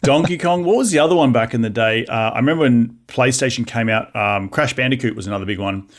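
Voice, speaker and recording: A man's voice: mid-range voice, quick pace. A man in his thirties with an Australian accent hosting an interview podcast, upbeat and chatty. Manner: upbeat, chatty, says mate often. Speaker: podcast host.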